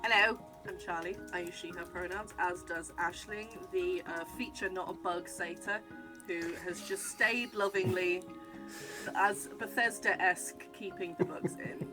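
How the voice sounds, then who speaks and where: A woman's voice: lowish voice, fairly even intonation, a little slow, over music. A woman playing at a tabletop game, chatting in an enthusiastic, giggly way. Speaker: player. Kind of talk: casual chat at a tabletop game.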